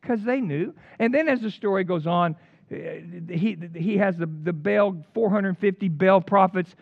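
An older man preaching a sermon in an animated storytelling way, with casual slang. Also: high voice, moderate pace, no room sound. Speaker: pastor. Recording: dull lo-fi dry recording.

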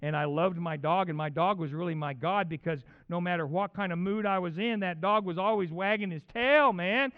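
A man preaching in a loose, conversational way, his fairly high voice jumping into loud, excited bursts and dropping back to near-murmurs. The recording is dull and lo-fi, with muffled highs. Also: a little fast, few pauses. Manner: animated, conversational preaching with sudden loud peaks and acted voices. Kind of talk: sermon.

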